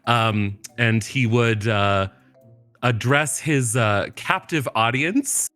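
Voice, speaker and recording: A man's voice: mid-range voice, takes it slowly, a bit bright, soft background music. A man playing a tabletop game, explaining his character's actions casually with many fillers. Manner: hesitant, thoughtful with fillers. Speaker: player.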